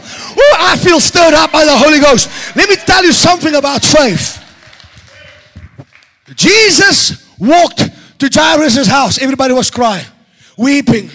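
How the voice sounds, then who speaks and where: A man preaching a sermon in an auditorium, shouting fervently, then dropping to a hush. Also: very high voice. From South Africa. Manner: shouting, stirred-up preaching with sudden quiet drops.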